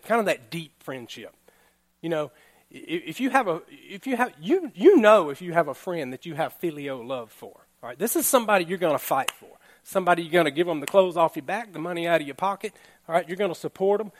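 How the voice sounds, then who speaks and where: A man pastor giving a relaxed, conversational sermon, laughing now and then and often checking in with the congregation. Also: sits high. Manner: chatty, laughing, keeps asking "all right?".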